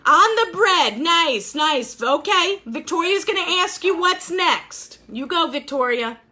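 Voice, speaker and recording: Woman, teacher, online class, video call, encouraging, high voice, bright tone. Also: lively intonation, takes it slowly. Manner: upbeat, encouraging, quizzing students. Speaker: life skills instructor.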